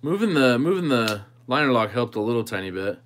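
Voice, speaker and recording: A man's voice: medium pitch, big pitch swings, fairly quick, a bit bright, slight background noise. Easygoing man chatting with livestream viewers. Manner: easygoing, thinking aloud while tinkering with a knife. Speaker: host of a knife channel livestream. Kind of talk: casual livestream chat answering viewers.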